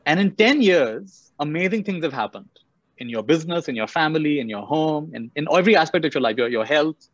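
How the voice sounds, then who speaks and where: Brief: brisk male motivational speaker, dry dull call audio, repeats phrases. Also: on the high side, animated, no room sound. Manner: storytelling, repeats key phrases for emphasis. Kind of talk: motivational talk on a video call.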